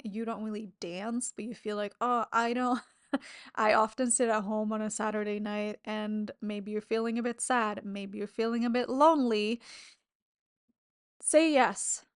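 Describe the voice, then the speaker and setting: On her own podcast, a woman talks casually and candidly, cursing often and breaking into laughter between ideas. Her voice sits on the high side and sounds smooth, captured in a clean studio with no room sound.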